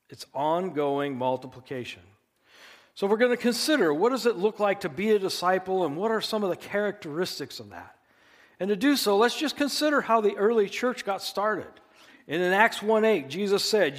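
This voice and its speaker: A male pastor preaching a sermon in an earnest, emphatic way, slowing down to stress key phrases. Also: sits high, animated, in a large hall.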